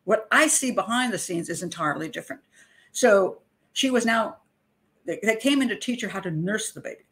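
A woman's voice: mid-range voice, brisk. Indignant middle-aged woman telling a story. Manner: animated, indignant, with wry laughter. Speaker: criminal profiler. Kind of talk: personal storytelling commentary.

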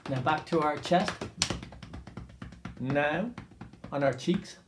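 A man's voice: fairly high pitch, slow, over music. A man leading an interactive percussion class for children, upbeat and coaxing, counting beats aloud for listeners to copy. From Ireland. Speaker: drumming teacher.

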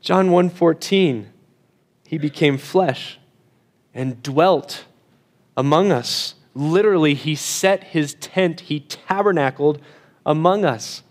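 Guy preaching, kinda high voice, slows down and gets hushed on the big lines, repeats himself a bit. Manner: emphatic, slows down and drops to a hush for key phrases; repeats words when restarting. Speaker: pastor. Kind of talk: sermon.

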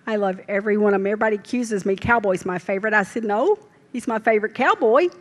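A woman's voice: mid-range voice, quick pace, big-room sound. An older woman, preaching a sermon at a church service and telling homespun stories in down-home grammar. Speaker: lay preacher. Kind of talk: folksy sermon.

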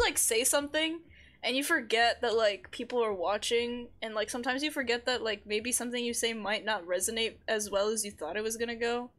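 A woman's voice: a little high, a bit bright. A young woman streaming a game, chatting casually, laughing and swearing freely.

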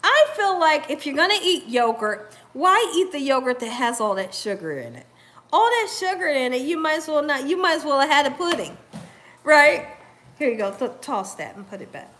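A woman's voice: sits high, sing-song, moderate pace, fairly bright tone, slight background noise. A middle-aged woman hosts a cooking live stream. She chats casually, laughs often and talks straight to her viewers as "y'all". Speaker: cooking channel host reading viewer comments.

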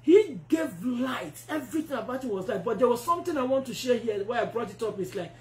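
A woman preacher telling a testimony in a sermon, animated and acting out the voices she quotes. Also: on the high side, fairly quick, a little hiss or hum. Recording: roomy echo.

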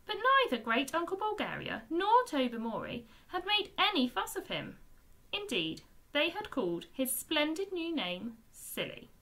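Expressive woman reading a storybook aloud. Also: extremely high pitch, measured pace. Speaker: primary school teacher. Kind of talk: reading a children's book aloud.

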